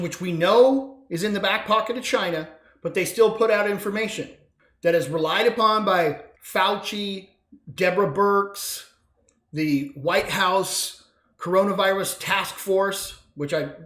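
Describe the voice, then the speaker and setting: A man's voice: high-pitched, reverberant. A man hosting a solo political commentary podcast, combative and sarcastic, with sudden emphatic bursts. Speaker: podcast host.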